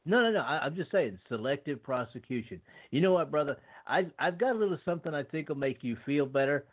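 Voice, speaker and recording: A man's voice: fairly high pitch, animated, fast. A man hosting a radio talk show, rambling and chummy, with lots of hesitations. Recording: tinny phone-line audio.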